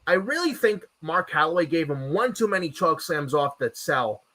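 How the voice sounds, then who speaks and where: A man rants as co-host of a wrestling recap stream. His voice is a little high and swings up and down a lot. He swears freely and comes back to the same complaints. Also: very animated, moderate pace, fairly bright tone, slight background noise. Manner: profane, ranting, repeats himself. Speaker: podcast co-host. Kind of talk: casual wrestling recap chat.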